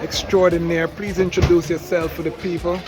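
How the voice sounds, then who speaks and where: A man's voice: fairly high pitch, flat delivery, normal speed. A man hosting a podcast and interviewing a guest on the spot at an outdoor festival, playful and hyping her up. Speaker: podcast host. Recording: outdoor event, loud music and crowd. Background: music and crowd.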